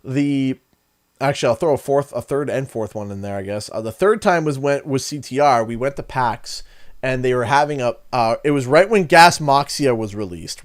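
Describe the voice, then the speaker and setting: Young canadian dude streaming games, chatty and rambly, middle pitched voice. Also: male voice. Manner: rambling, friendly storyteller who acts out quotes. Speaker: gaming streamer. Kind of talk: casual livestream chat.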